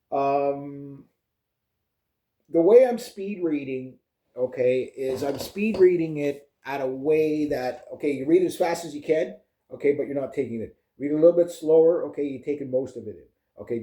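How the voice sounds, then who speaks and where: A man talks on at home in an unhurried, rambling way, full of fillers and restarts. His voice is quite dark and mellow, and the room around him rings with echo. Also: mid-range voice. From Canada. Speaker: vlogger. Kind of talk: casual rambling chat. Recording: echoey room.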